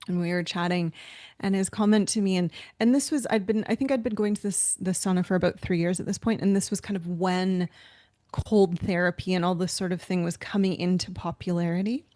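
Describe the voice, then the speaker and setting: A woman co-hosts a webinar discussion, talking in a loose, anecdotal way and thinking aloud with plenty of fillers. Her voice sits a little low, and the sound is close and dry with no room around it. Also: steady tone, a little fast, mellow, no room sound. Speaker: webinar co-host.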